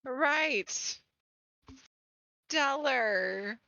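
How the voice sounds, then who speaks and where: A sarcastic robed mage, as a woman game master puts her on, bright-toned, her pitch rising and falling freely, dry and wry. The stream audio is a little muffled and dry, with no room sound. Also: sing-song, unhurried, no room sound, full character voice. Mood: startled. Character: sarcastic female mage in ornate robes.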